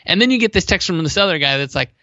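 A man from Massachusetts co-hosting a sports show, telling rambling, animated stories in casual chat. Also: sits high, fast, no room sound, lo-fi sound. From Massachusetts, USA.

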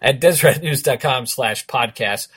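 A man's voice: mid-range voice, normal speed, fairly bright tone, slightly rough. A man with a Boston accent hosting a casual sports podcast, joking through the sign-off. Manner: jokey, upbeat sign-off banter. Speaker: podcast host.

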